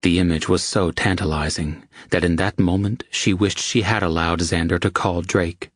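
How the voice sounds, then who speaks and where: Man, audiobook narration, very deep, husky, measured, dry recording. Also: fairly even intonation, dry recording. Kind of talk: scripted narration.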